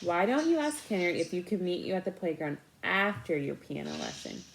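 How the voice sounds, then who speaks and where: A woman doing a slow, calm, kindly storybook woman. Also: lowish voice, gravelly, a little hiss or hum, rough recording. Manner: slow, soothing, measured. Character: calm kindly woman, the thinking part of the brain.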